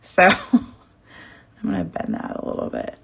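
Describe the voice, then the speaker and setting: Woman, live craft tutorial, chatty, self-deprecating, lowish voice. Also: huge pitch swings, unhurried, vocal fry, fairly bright tone, slightly rough. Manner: chatty, laughs at herself, greets viewers. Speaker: jewelry-making instructor.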